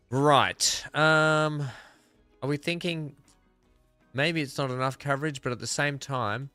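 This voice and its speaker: A man's voice: on the high side, sharp tone, clean tone, dry recording. An Australian man giving casual, rambling gameplay commentary, thinking aloud as he plays. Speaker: gaming video creator.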